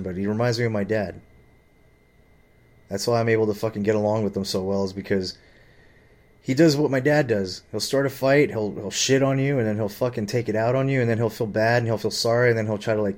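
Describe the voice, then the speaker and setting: A man telling a rambling, profane story about his father and his boss, full of fillers and agitation. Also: fairly low pitch. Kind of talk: rambling personal rant.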